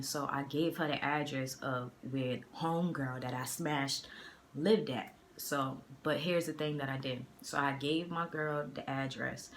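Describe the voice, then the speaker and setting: Filmed on her phone, a Boston-area vlogger spins a casual storytime tale in a chatty, slang-heavy way packed with fillers. Her voice is very deep and a bit bright, and there's slight noise in the background.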